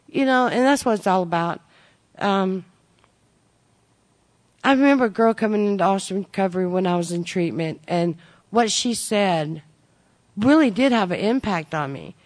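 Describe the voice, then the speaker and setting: A woman sharing her recovery story with a group. She speaks in a folksy, joking way. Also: mid-range voice. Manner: folksy and joking, with frequent "you know" and "y'all". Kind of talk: personal testimony to a recovery group.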